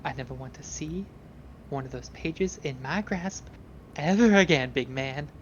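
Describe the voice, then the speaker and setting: A woman's voice: deep voice, measured pace, lo-fi sound, a little hiss or hum. A woman voicing a sheepish young woman who has been caught snooping, nervous and stammering. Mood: exasperated.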